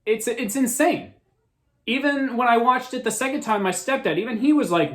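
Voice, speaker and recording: A young man hosting a casual movie review, talking excitedly and rambling with frequent restarts. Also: high-pitched, quick pace. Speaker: host of a movie review show.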